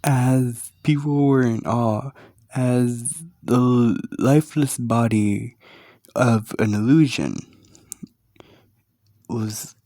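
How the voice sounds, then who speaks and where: A man narrating a fan story in a halting, hesitant way, speaking quietly with a sore throat. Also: mid-range voice, no room sound, studio quality.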